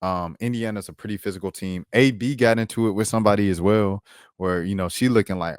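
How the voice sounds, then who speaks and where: A man giving a casual basketball recap on his vlog, animated and slangy, talking while he pulls up clips. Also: on the low side, a little fast, no room sound, studio quality. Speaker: basketball commentator and vlogger.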